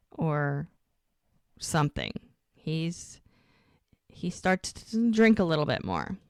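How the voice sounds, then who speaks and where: This podcast co-host recaps episodes in casual chat, retelling scenes and performing the lines herself. Her voice is medium-pitched, recorded cleanly in a studio with no room sound.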